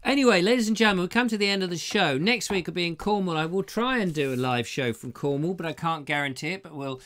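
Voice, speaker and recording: A man's voice: sits high, fast talker, fairly bright tone. Middle-aged male host, jokey rambling live-stream banter. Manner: jokey, rambling, reads viewer comments aloud. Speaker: host of a live online show. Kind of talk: casual live-stream chat.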